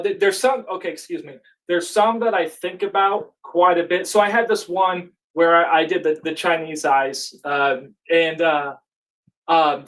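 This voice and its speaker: A man as a podcast guest, talking in a reflective, halting way. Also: sits high, fairly bright tone, distant mic, poor audio. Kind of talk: casual chat.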